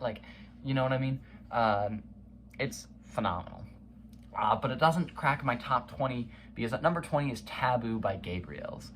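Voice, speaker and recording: A man's voice: medium pitch, normal speed, fairly bright tone, slight background noise. A young man casually counting down his favorite songs, enthusiastic, humming and scatting bits of the music. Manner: enthusiastic, hums and scats song parts, many fillers. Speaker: music reviewer. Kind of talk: casual spoken countdown review.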